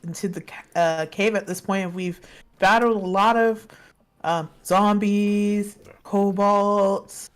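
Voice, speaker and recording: A woman playing in a tabletop game, speaking in character in a halting, stammering way. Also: mid-range voice, steady tone. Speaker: player.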